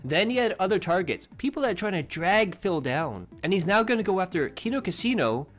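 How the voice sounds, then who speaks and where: Scornful male commentary host, high, lively voice with wide pitch swings. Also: fairly quick, faint music behind. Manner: scornful, mocking. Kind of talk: narrated commentary.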